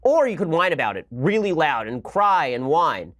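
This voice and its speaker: A man's voice: fairly high pitch, big pitch swings, a bit bright, dry recording. A man hosting a show, delivering a sarcastic political commentary monologue. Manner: rapid-fire, sarcastic. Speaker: host.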